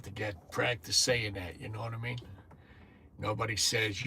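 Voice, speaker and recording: Chatty fifties man with a bright voice. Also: fairly low pitch, steady tone, moderate pace, husky. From New Jersey. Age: 50s. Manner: chatty, greets viewers by name, swears casually. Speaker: truck driver livestream host. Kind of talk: casual live chat. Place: truck cab on lunch break.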